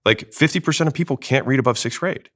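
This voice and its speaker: A man talking fast as a sales trainer, explaining with examples in an interview. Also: medium pitch, a bit bright. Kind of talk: casual interview talk.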